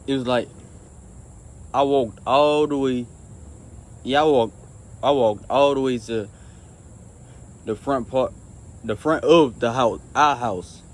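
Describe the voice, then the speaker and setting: A man casually telling a personal faith testimony, rambling and repeating himself with many restarts, earnest and soft-spoken in places. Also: mid-range voice, takes it slowly, long pauses. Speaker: storyteller sharing a faith testimony.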